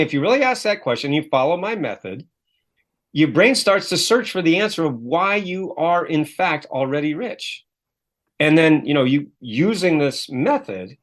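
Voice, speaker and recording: A man who is a self-help author and coach, a lively storyteller who acts out the voices he quotes, speaking as a guest in a podcast interview. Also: fairly high pitch.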